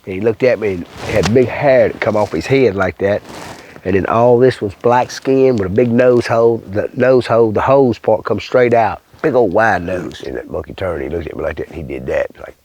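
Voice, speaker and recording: A man's voice: lowish voice, normal speed, darkish tone, husky. An older man from Louisiana with a bayou accent, telling a rambling, folksy story full of swearing in an interview. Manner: rambling, folksy, swears often, acts out voices.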